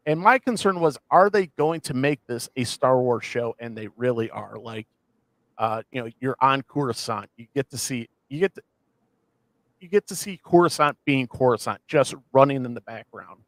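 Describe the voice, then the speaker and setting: A man co-hosting a casual podcast, rambling with many restarts as he excitedly retells scenes. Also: mid-range voice, moderate pace, no echo. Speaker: podcast co-host. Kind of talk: casual chat.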